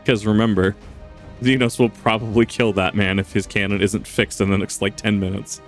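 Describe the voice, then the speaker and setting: A man's voice: on the low side, flat delivery, normal speed, faint music behind. Joking man commenting on a game. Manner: jokey and rambling, laughs often and swears. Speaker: gaming channel host. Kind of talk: casual let's-play commentary.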